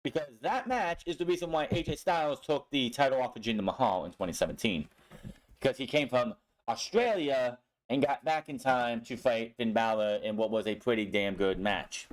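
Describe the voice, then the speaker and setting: A young man with a medium-pitched voice recaps a wrestling show casually and bluntly. He swears often and sounds frustrated with the booking.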